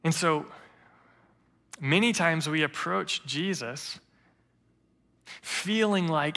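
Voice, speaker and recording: Bright-voiced preacher in a reverberant church. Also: male voice, a little high, takes it slowly, long pauses. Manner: earnest storytelling preacher, quotes others in lively voices. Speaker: interim lead pastor. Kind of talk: sermon. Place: church sanctuary.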